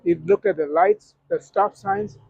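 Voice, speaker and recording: Casting: higher male guest, gravelly and husky, hesitant, on a dull lo-fi recording. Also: fairly even intonation, measured pace. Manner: hesitant, many fillers and restarts. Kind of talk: casual interview.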